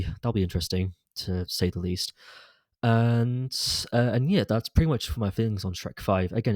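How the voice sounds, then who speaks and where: A man's voice: deep voice, dark tone, no echo. A man hosting a solo podcast, chatting casually and rambling through candid film opinions with plenty of fillers and restarts. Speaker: podcast host. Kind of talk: casual solo podcast chat about films.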